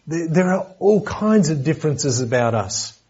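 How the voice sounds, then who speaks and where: A man's voice: fairly high pitch, sing-song, normal speed, a little mellow, husky, dull audio. A man preaching a sermon lesson in a conversational way, with joking asides and repeated words.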